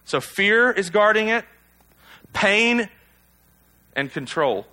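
A male pastor preaches in a relaxed, conversational way, throwing rhetorical questions at his listeners and poking fun at himself. His voice is bright and forward, and sits a little higher than most men's. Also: takes it slowly. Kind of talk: sermon.

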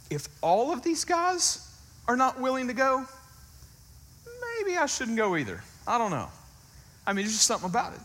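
A man's voice: mid-range voice, pushed and bright. A man preaching a casual, conversational sermon, reading scripture aloud with emphasis and talking about it.

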